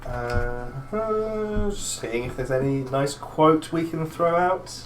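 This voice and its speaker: A man speaking very slowly and playfully as he describes his character's moves in a tabletop game. He sits a little back from the mic, with music clearly audible behind him. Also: fairly high pitch, distant mic. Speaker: player. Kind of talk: casual tabletop game play.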